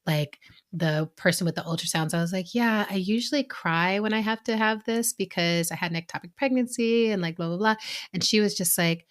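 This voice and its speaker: A woman co-hosting a podcast, telling personal stories in a chatty way with many "like"s and quick laughs. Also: mid-range voice. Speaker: podcast co-host. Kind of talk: casual chat.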